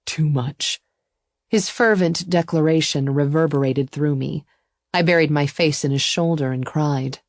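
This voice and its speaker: A woman narrating a first-person romance audiobook in an even, intimate storytelling voice. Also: deep voice, normal speed, no echo.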